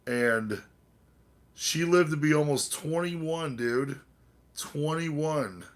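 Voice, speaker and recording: A man's voice: a little high, very slow. A man hosting a casual live stream, rambling and swearing while chatting with viewers, a bit tipsy from drinking. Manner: rambling, profane, talks to chat and his cats. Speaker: livestream host.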